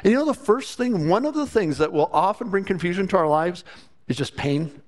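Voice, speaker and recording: A man's voice: sits high, expressive, fairly quick, slight background noise. A man preaching a sermon to his church congregation. He speaks earnestly and often repeats a word as he starts a thought. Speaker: pastor.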